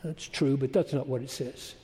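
A man preaching a sermon, emphatic and swelling to loud exclamations. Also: medium pitch, steady tone, normal speed, slightly rough. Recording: long hall reverb.

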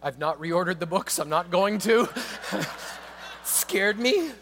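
High-voiced animated male preacher. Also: takes it slowly, slight background noise. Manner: animated storytelling, swings from hushed to excited. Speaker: pastor. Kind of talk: sermon.

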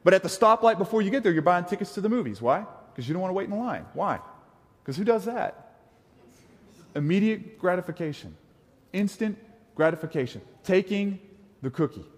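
A young adult man preaching a sermon, animated, with playful asides and mimicked voices. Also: high-pitched, fairly quick. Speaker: pastor. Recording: long hall reverb.

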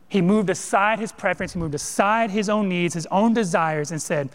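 A man preaches in a lively, conversational way, speaking directly to his listeners. His voice sits high for a man. The sound rings out with a long reverb from a church sanctuary. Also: moderate pace, hardly any pauses. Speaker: pastor. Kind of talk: sermon.

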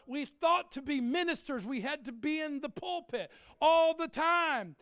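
A middle-aged man preaches with a strikingly high, lively voice, joking with the crowd and swinging from shouts to quiet asides. The sound is close and dry, with no room around it. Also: a little slow, no room sound. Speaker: pastor. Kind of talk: humorous sermon.

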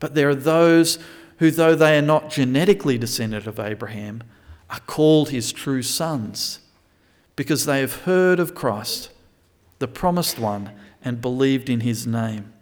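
A man's voice: mid-range voice, a little slow. A man preaching a sermon, reading scripture aloud and explaining it with frequent restarts and self-corrections. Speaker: pastor.

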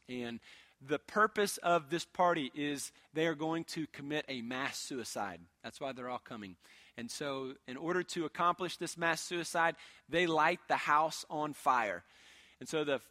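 A young man preaches a sermon in a bright, forceful voice that sits fairly high. He talks earnestly, stumbles over and repeats words, and pushes up to loud, emphatic stretches. The sound is dry and close to the mic. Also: no room sound.

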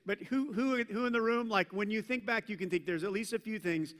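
A man preaching a sermon to a congregation, talking conversationally and joking with the room, swinging between loud emphasis and hushed intensity. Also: high voice, a little fast. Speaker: pastor. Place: church service with a congregation. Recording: long church reverb.

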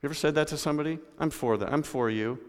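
A man preaching a sermon in a church, moving between loud emphatic lines and low hushed ones and speaking to people in the room by name. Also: rapid-fire, smooth. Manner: addresses congregation members by name. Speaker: pastor. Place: church sanctuary. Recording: long hall reverb.

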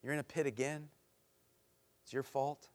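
A man preaching to a men's group, telling a story with lively voices and closing in a soft, earnest prayer. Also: medium pitch, normal speed.

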